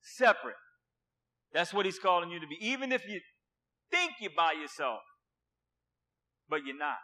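A man preaching a sermon with passion, dropping to a hush and then rising loud, repeating words for emphasis. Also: high-pitched, sing-song, moderate pace. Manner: impassioned, swinging from hushed to loud.

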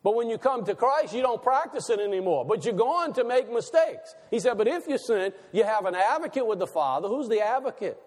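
A man preaching a sermon, asking his listeners questions and slowing down to stress key words. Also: high-pitched, animated, darkish tone, long reverb tail. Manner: asks the audience questions, slows for emphasis.

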